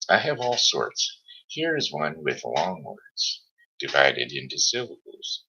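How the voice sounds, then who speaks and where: A man's voice: extremely low pitch, wildly swooping pitch, slow pace, vocal fry, pushed and bright, breathy edge, heavily acted, rough recording. A man reading as Huckleberry, a chattering young gnome. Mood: eager. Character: quick-witted forward young male gnome.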